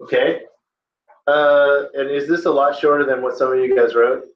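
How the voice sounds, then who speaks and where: A medium-pitched male voice with a level tone delivers a classroom lesson at normal speed. He jokes with his students along the way, and the room audio sounds dull and roomy.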